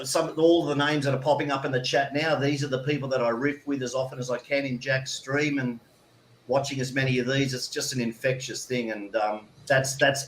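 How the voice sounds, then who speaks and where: A man's voice: mid-range voice, fairly bright tone, a little hiss or hum. A man in his fifties with an Australian accent, chatting as a guest in a rambling way with many restarts. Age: 50s. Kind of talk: casual chat. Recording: echoey room.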